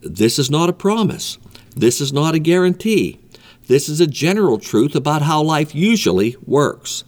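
A man's voice: fairly high pitch, big pitch swings, moderate pace. A man preaching a sermon in an emphatic way, repeating his key points.

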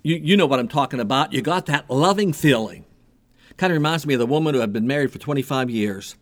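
A man preaching a sermon, animated and repeating himself as he builds his point. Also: mid-range voice, fast. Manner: animated preaching with repetitions and a told joke. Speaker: pastor.

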